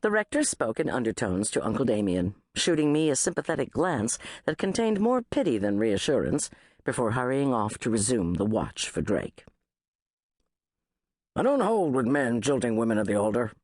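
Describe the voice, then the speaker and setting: A woman reading a first-person novel as an audiobook narrator, expressive and wry. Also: extremely low pitch, no room sound, studio quality.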